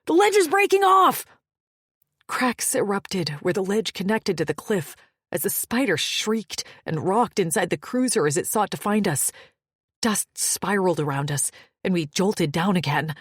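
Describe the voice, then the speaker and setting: A woman reading a first-person fantasy romance audiobook with dramatic delivery, turning breathless at the peaks and hushed in quiet moments. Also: on the low side, moderate pace, breathy edge, no room sound, clean studio sound. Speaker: audiobook narrator.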